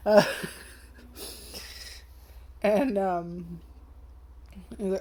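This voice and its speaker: A woman's voice: medium pitch, steady tone, slow, pauses often, warm tone. A young woman ranting casually about an anime's first episode, swearing a lot and filling her talk with "like" and "um". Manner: chatty and profane, with many fillers. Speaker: anime reviewer. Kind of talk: casual first-impressions rant.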